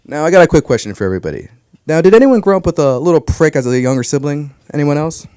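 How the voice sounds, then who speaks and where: A man's voice: fairly high pitch, animated, fast, dark tone, smooth, no room sound. A young man telling crude, brash stand-up stories about his family on a comedy club stage. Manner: brash storytelling, crude punchlines.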